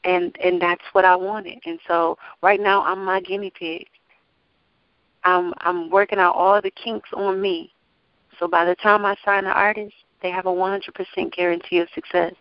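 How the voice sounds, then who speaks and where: Woman gospel singer, animated testifying talk, kinda muffled dry audio. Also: lowish voice, normal speed, smooth, no room sound. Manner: animated, testifying, laughs often. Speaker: gospel singer and label owner. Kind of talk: casual interview talk.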